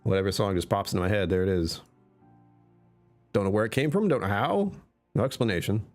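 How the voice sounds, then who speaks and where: A man's voice: on the low side, a little fast, faint music behind. A man streamer chatting casually with his live chat, answering comments and laughing often.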